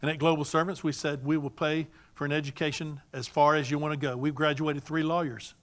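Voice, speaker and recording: An older man telling stories from the pulpit in a folksy, animated way, with sudden loud greetings called out to the congregation. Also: fairly high pitch, fairly quick. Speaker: church speaker for a mission ministry. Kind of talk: sermon-style storytelling to a congregation.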